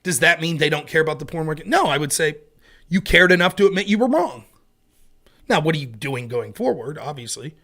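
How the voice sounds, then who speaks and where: Man, 30s, host, casual monologue, profane, rambling, slightly high voice. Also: expressive, a little fast, pushed and bright.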